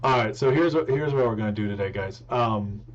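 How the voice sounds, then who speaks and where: A man hosting a political live stream in casual talk, joking and rambling as he tries to speak softly. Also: on the low side, a little fast. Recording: dull lo-fi with faint hum.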